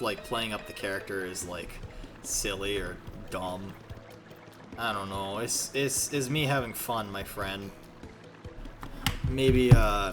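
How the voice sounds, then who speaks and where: Rambling, self-deprecating male streamer. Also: on the low side. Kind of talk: casual gaming stream commentary.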